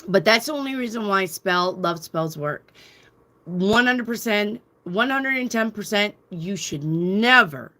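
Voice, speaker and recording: A woman's voice: medium pitch, expressive, unhurried, pushed and bright. A middle-aged woman hosting a casual talk show, speaking emphatically, repeating phrases and lecturing her viewers with firm conviction. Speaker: tarot reader and podcast host.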